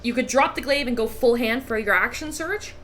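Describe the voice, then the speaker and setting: A woman's voice: on the high side, a little fast, a bit bright, slight background noise. A woman running a tabletop game as game master, patiently explaining rules and vividly narrating scenes.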